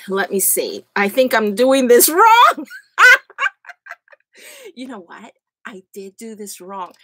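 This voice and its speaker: High, lively, chatty craft tutorial woman. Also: no echo. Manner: chatty, laughs often at herself. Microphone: USB desk microphone.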